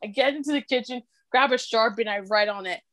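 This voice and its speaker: A young woman from Canada in casual podcast chat, telling an animated story, cursing freely and laughing as she goes. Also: on the high side, fast talker, no room sound.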